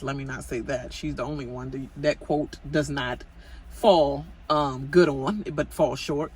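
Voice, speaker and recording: A woman's voice: deep voice, measured pace, slight background noise, poor audio. A woman vlogger recapping a reality show in a casual, gossipy rant, full of fillers and asides aimed at the cast. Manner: gossipy and chatty, many fillers, talks straight to cast members.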